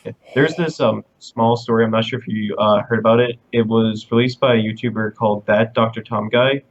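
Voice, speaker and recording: A man's voice: on the low side, fairly even intonation, fairly quick. A young man calling in to a live stream, talking hesitantly with many ums and likes, over lo-fi call audio. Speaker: caller. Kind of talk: casual call-in chat.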